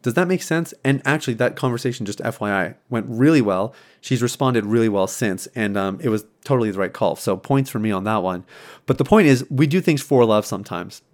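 A married man hosting a podcast, talking earnestly in a casual, reflective monologue, often restarting his sentences and filling pauses with ums. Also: medium pitch, lively intonation. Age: adult, married. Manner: earnest, conversational, many restarts and fillers. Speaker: podcast host.

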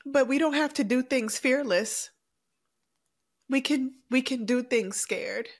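A woman's voice: high voice, slow. Earnest woman in heartfelt podcast chat. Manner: earnest, reflective, emotional. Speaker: podcast co-host.

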